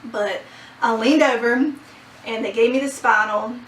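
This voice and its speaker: Animated young woman telling a story, roomy. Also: a little high, a little slow, slight background noise. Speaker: vlogger. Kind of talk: casual storytime. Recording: roomy sound from a distant mic.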